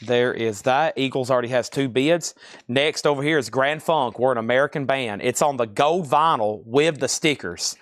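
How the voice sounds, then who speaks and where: Man calling a fast live record auction. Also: mid-range voice, a bit bright, no echo, clean studio sound. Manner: rapid-fire listing of items and prices.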